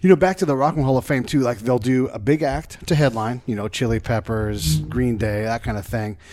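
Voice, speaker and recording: A man's voice: medium pitch, a little fast, noisy background. A man hosting a podcast, chatting casually and rambling with lots of "like". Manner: rambling, laughs along, says "like" a lot. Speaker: podcast host. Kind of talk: casual chat.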